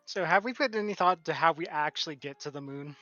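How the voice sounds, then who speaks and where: Man from Alabama, player, bright forceful voice, dry dull lo-fi mic, swears casually. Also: a little high, fast, no room sound, faint music behind. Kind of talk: casual tabletop game chat.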